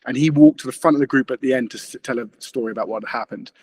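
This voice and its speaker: Male guest, husky, rapid-fire, earnest, stumbles and restarts. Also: mid-range voice, a little mellow, no echo. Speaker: interview guest, author. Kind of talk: conversational interview.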